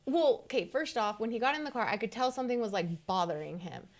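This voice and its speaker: A woman in her thirties co-hosting a podcast, telling a story in a casual, animated way and acting out the dialogue. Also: a little high, fast talker. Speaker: podcast co-host. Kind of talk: casual conversation.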